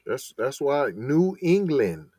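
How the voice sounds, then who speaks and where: A man's voice: mid-range voice, big pitch swings, takes it slowly, dry recording. A man co-hosting a podcast, chiming in with short slangy remarks. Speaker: podcast co-host. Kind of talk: casual podcast banter. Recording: loud music bed underneath.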